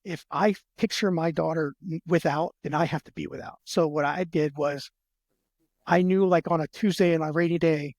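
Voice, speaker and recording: A man's voice: a little high, steady tone, vocal fry, a little mellow, dry recording, studio quality. A man, a military veteran, telling his personal story as a podcast guest, earnest and heartfelt, with frequent restarts and repeated words. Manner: earnest, heartfelt, retells conversations in quick back-and-forth.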